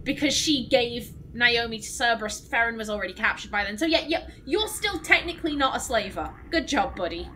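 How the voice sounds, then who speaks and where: A woman's voice: fairly high pitch, expressive, brisk, hardly any pauses, bright, forceful tone, slight background noise, low-quality recording. A woman streamer giving casual let's-play commentary, rambling and emphatic with many restarts. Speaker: gaming streamer.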